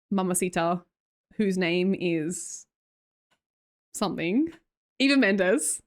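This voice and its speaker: Chatty Australian woman streamer. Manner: chatty, laughs often, breaks into high squeals. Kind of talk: casual chat reading live chat.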